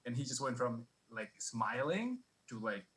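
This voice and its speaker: Bright-voiced man telling a rambling stand-up story. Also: medium pitch, sing-song, unhurried, rough recording. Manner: rambling, self-deprecating, many restarts. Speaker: stand-up comic. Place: comedy club stage.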